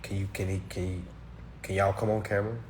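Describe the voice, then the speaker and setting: Speaking fast with a flat delivery, a low-pitched man hosts a casual livestream monologue amid slight background noise. He fields viewer comments in a blunt, preachy way, emphatically hammering single words, repeating points and checking in with "all right?"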